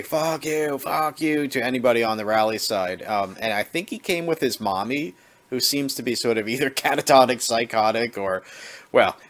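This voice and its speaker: A man's voice: medium pitch, fairly bright tone. A man giving casual vlog commentary, chatty and sarcastic, correcting himself as he goes. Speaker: video blogger.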